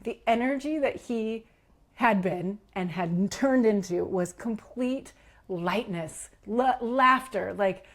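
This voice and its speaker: A woman guest recounting a personal experience in an interview, animated and giggly, acting out quotes and dropping to a whisper at tense moments. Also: mid-range voice, slow pace. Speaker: leadership coach, guest. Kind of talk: personal storytelling in a podcast interview.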